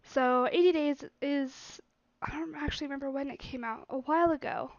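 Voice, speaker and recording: A woman streaming a story game, chatting casually and reading the game text aloud with louder acted quotes. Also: sits high, moderate pace, creaky, no echo. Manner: relaxed, reads story lines with bursts of louder acted quotes. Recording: slightly muffled stream audio with faint noise.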